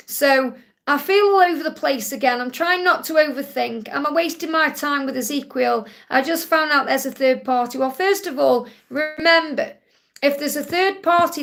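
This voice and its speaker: A woman's voice: high-pitched, creaky, a bit bright. A woman with a Stoke-on-Trent accent hosts a live question-and-answer stream as a spiritual reader, speaking in a soothing, reassuring way and often checking in with "okay?". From England.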